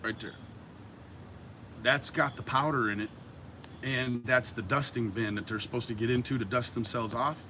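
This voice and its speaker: A man chatting casually with viewers on a livestream, animated and joking, swearing and laughing often. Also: medium pitch, normal speed, long pauses, slight background noise. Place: outdoors in a backyard.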